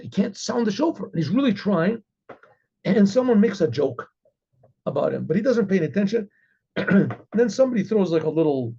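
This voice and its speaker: A rabbi telling a story in a rambling way, with many fillers and frequent throat clearing. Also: male voice, high voice, dark tone, highs cut off. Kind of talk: storytelling talk.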